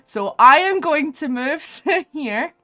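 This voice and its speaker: Woman, tabletop player, casual chat, giggly, swears, slow-paced. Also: high-pitched, lively intonation, pushed and bright, faint music behind.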